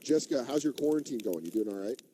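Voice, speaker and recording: A man hosting a radio show, chatting in a jokey, animated way. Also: mid-range voice, fast, slightly rough. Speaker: radio host, comedian. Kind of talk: casual radio chat. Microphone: studio mic.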